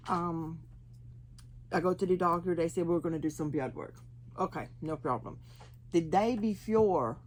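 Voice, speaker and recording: Oklahoma-accented woman, lower voice, halting post-stroke speech, chatty testimony, faint room hum behind. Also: darkish tone. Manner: chatty, laughs often. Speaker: interview guest. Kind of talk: personal testimony.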